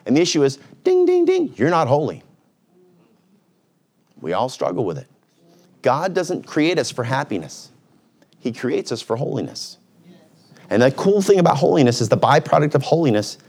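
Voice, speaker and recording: A male pastor preaching a sermon in a lively, conversational way, dropping to a quiet low voice at reflective moments. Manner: energetic, conversational preaching with sudden pitch swings.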